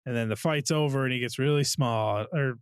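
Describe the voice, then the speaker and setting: A man's voice: medium pitch, brisk. A man co-hosting a casual podcast, telling movie scenes in an easygoing way and acting out the quotes. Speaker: podcast co-host. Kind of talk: casual chat.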